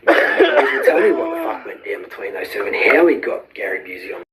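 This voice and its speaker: Animated, foul-mouthed Australian man. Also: on the low side, normal speed, a loud crowd, low-quality recording. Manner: crude, swearing, laughing at his own jokes. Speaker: contributor sending in a recorded review. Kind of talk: profane comedic film rant and anecdote.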